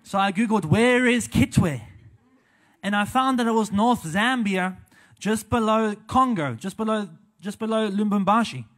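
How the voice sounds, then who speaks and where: Young South African man, high-pitched, evangelist preaching, animated, lots of hallelujahs. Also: moderate pace. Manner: walks around while preaching. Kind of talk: sermon. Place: church.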